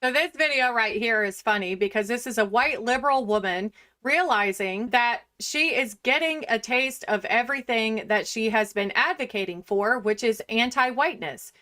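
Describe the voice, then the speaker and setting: Bright, emphatic woman host. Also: on the high side, moderate pace. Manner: critical, emphatic. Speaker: commentary show host. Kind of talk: reaction commentary.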